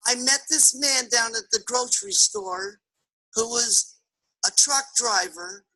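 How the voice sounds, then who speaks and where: A man voicing a soft-spoken, eager wife who speaks quietly. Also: very high voice, sing-song, takes it slowly, gravelly, husky, full character voice, poor audio. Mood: hushed eager. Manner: quiet, hushed.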